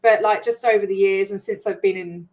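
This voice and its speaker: A woman's voice: medium pitch, fairly even intonation, a little fast, a little mellow. A woman from Scotland who now speaks with an English accent, hosting a casual video interview in a chatty, rambling way with frequent laughter. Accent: English, faded Scottish. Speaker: host.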